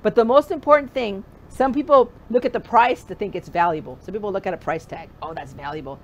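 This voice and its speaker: A woman's voice: on the high side, lively intonation, fairly quick, a little hiss or hum. A woman pastor preaching a conversational sermon, often asking the listener direct questions.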